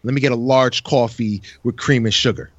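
A man hosting a casual podcast chat, telling animated stories and laughing often. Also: medium pitch, normal speed, dry recording. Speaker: podcast host. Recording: dull lo-fi audio.

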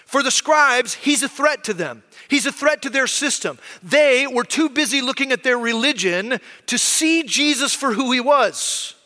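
A man's voice: very high voice, expressive, measured pace, hardly any pauses, pushed and bright, big-room sound. A man preaching a sermon as pastor, conversational and explaining with frequent rhetorical questions.

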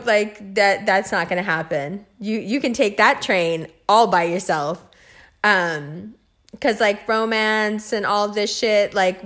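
A woman hosting a casual, profane monologue, talking bluntly and laughing often, full of "like" and slang. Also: medium pitch. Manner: blunt, profane, animated with frequent laughs and filler "like". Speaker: host.

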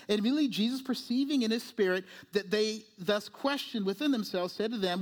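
A male pastor preaching a sermon in an animated way, acting out voices and often asking "right?". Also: high-pitched, fairly quick, few pauses.

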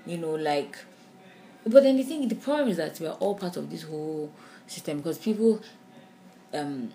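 A Nigerian woman talks through a podcast discussion in a somewhat low voice, animated and full of restarts. She keeps checking in with her listener. There is a faint hum of room ambience behind her. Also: normal speed. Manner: animated, with frequent restarts and "do you understand?". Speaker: podcast co-host. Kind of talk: casual discussion.

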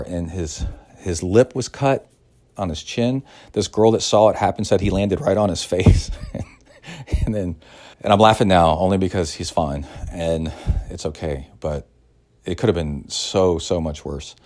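A man from Texas talks alone into the mic for his podcast, his voice sitting very low. He wanders from one detail to the next, casual and chatty, padding it all with "like" and "uh". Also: measured pace, darkish tone. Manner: chatty and digressive, full of "like" and "uh". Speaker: podcast host and triathlon coach. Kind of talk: casual solo storytelling.

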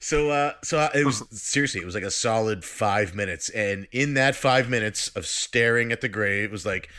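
A man telling a story to friends in casual chat, animated, swearing and laughing as he goes. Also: lowish voice, normal speed.

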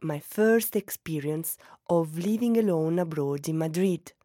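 A woman in her forties from Naples with an Italian accent, speaking as the slow, intimate narrator of a scripted audio piece. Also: low-pitched, mellow, no echo, clean studio sound.

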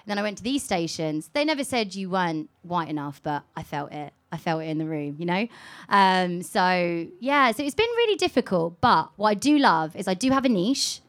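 A woman's voice: on the low side, very animated, moderate pace. A woman from England, a radio presenter, talking candidly and with energy on a live panel, laughing often. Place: live event venue.

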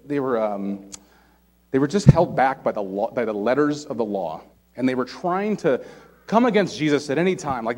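Male pastor, mid-pitched, chatty sermon style, lots of check-ins with the congregation. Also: a little mellow. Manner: conversational, many restarts and "all right?" check-ins. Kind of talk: casual sermon.

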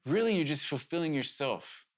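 A man's voice: on the high side, lively intonation, normal speed. A man preaching a sermon to his congregation, earnest and urgent, talking conversationally with candid asides and sudden emphatic rises.

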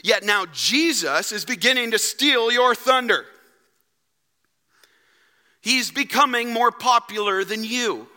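High bright-voiced preaching man. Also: lively intonation, slow, long pauses. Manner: dynamic preaching, acting out quoted voices, swings from loud to hushed. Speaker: pastor. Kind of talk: sermon. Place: church sanctuary. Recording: long hall reverb.

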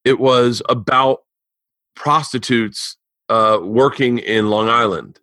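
A man in his forties hosting a podcast, telling stories in an animated, rambling, profane way. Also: mid-range voice, takes it slowly, no echo. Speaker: podcast host. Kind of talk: casual chat.

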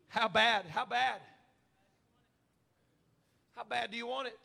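A male pastor, preaching a fervent sermon to his church and swinging between loud shouted calls and quiet, close prayer. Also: very high-pitched, moderate pace, gravelly, pauses often. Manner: preaching with rising shouted fervor. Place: church sanctuary.

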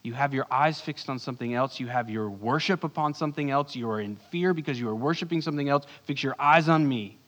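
A man's voice: fast talker, few pauses. Earnest male pastor in a reverberant hall. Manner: earnest, swings between urgent bursts and hushed low lines. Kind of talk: sermon.

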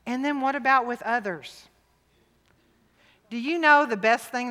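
A middle-aged woman, preaching to a women's rally with lively, emphatic, jokey swings between loud and hushed. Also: high voice, normal speed. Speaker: women's conference speaker. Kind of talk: sermon. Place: large church hall. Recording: long hall reverb.

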